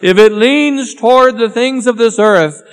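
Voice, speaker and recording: A man preaching a solemn sermon, grave and intense, often dropping to a hushed voice. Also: extremely high pitch, measured pace, clear, resonant tone. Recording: long church reverb with faint music.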